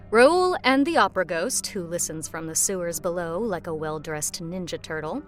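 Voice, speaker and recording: A woman co-hosting a film podcast, reading a plot synopsis with wry, teasing asides. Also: medium pitch. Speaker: podcast co-host.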